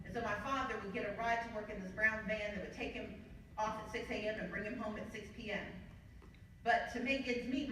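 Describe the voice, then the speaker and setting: A woman from the Mississippi Gulf Coast giving a storytelling campaign speech at a party gala, measured and building through repetition. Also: mid-range voice, pushed and bright, a little hiss or hum. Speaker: keynote speaker at a party gala. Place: large event hall. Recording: echoey hall, distant mic.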